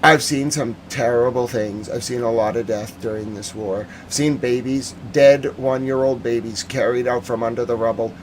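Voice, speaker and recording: Male stream host, mid-pitched voice, heated and emotional commentary, reads chat aloud. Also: steady tone, moderate pace, few pauses, a little hiss or hum. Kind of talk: live-stream news commentary.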